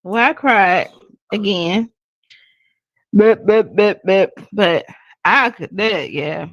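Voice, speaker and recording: A woman co-hosting a casual talk show, speaking, soft-spoken and playful. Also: mid-range voice, slow, dry recording, highs cut off. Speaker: podcast co-host. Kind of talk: casual chat.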